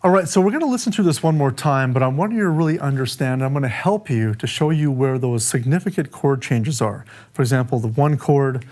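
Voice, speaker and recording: A man giving a casual music lesson, explaining song form in a relaxed, conversational way and counting bars aloud. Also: medium pitch, a little fast, few pauses. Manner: counts bars aloud over a playing track. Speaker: music teacher. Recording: music playing behind the voice.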